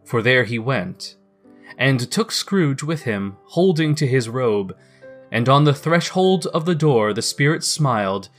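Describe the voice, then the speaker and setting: A man reading a classic story aloud in a measured, expressive way. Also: mid-range voice, faint music behind. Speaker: narrator. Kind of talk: storybook narration.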